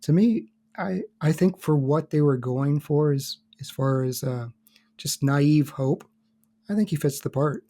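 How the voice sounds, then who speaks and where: A man appearing as a guest on a podcast, explaining history in a measured, steady way. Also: a little high. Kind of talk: casual podcast discussion.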